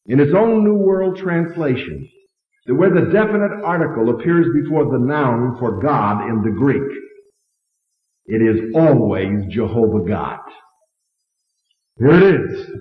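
Man preaching in an echoey hall. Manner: dramatic, acts out dialogue with big pitch swings. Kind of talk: sermon storytelling. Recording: roomy lo-fi hall recording.

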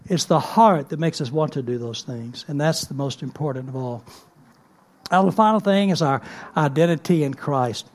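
A man delivers a sermon in an easygoing, explanatory way. His voice sits a touch higher than most men's. He often pauses on fillers and restarts his sentences as he thinks aloud. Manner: conversational with frequent fillers and restarts. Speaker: preacher.

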